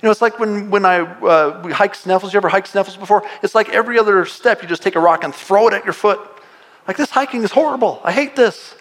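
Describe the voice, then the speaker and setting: A man's voice: high-pitched, fast, fairly bright tone. Earnest male pastor preaching. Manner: earnest, pleading, repeats words and asks rhetorical questions. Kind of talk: sermon.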